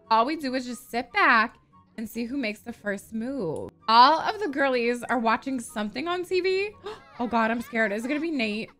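Excitable high-voiced young woman gamer. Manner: excitable, gasps and shrieks at game events, swears freely. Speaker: gaming YouTuber. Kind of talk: casual gameplay commentary.

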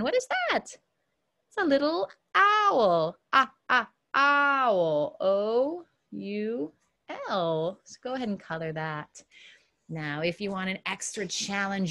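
Woman, kindergarten teacher, online lesson; lively sing-song pitch, unhurried pace, sounds out letters for small children.

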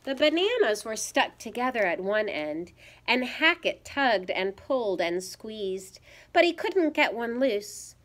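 A woman reading a picture book aloud to young children, pausing to ask them gentle teacherly questions. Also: on the high side, very animated. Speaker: storyteller for children.

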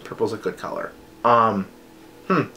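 A man's voice: fairly low pitch, lively intonation, moderate pace, bright, forceful tone, slight background noise. A man chatting enthusiastically and playfully as he reviews scented wax melts in a casual haul video.

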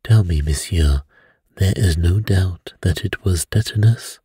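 A man reading a bedtime story voices a fussy middle-aged Belgian detective who speaks in a hushed, troubled way. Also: deep voice, a little slow, husky, no echo, studio quality, exaggerated voice. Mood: hushed dismay.

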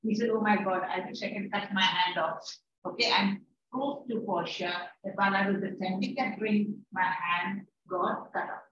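A woman's voice: medium pitch, fairly even intonation, normal speed. Woman teacher in an echoey classroom. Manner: paraphrases lines, repeats herself, scolds students. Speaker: English teacher. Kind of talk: classroom lecture. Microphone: distant room mic. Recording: echoey, distant, dull and noisy.

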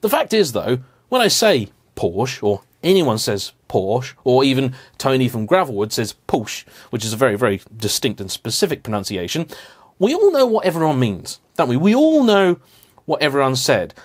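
A man hosting a car vlog, giving an animated, emphatic, playfully indignant rant to camera. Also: medium pitch, normal speed, breathy edge. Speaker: car vlogger host.

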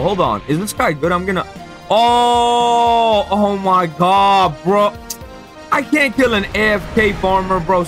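A young man giving live gameplay commentary, excitable, swinging between flat mutters and frustrated shouts. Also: sits high. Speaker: gaming YouTuber. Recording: voice over loud game music. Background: game music.

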